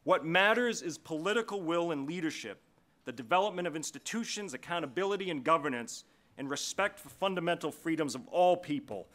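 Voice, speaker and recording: A man stands at a formal dinner and introduces the evening's keynote speaker in a prepared, measured speech. His voice is bright and sits a little high. He slows down to lean on key phrases. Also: lively intonation. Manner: measured, slowing for emphasis. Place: large banquet hall.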